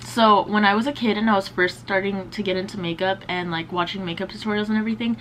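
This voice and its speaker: A young woman in her twenties talks casually through a makeup routine, chatty and slangy with plenty of filler words. Her voice sits at an ordinary middle pitch. A faint hiss lies under the recording. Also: fairly even intonation, fast talker, fairly bright tone, poor audio. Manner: chatty, slangy, lots of "like" and "bro". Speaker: beauty vlogger. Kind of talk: casual chat while doing makeup.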